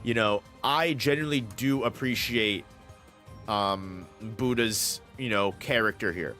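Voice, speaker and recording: A man's voice: lowish voice, measured pace, pushed and bright, faint music behind. A man giving casual, rambling commentary as a manga review YouTuber, swearing often and restarting his sentences. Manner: rambling, profane, enthusiastic with restarts.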